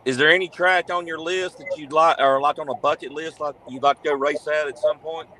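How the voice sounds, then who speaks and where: A man's voice: a little high, fairly even intonation, fairly quick, pushed and bright, slight background noise. A man co-hosting a casual interview show, talking in a laid-back, loose way.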